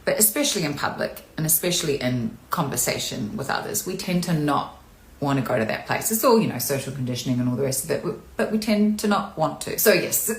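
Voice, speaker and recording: A woman's voice: sits low, expressive, brisk. A woman acting coach talking candidly and chattily in a live-streamed Q&A, sometimes showing emotion. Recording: echoey room.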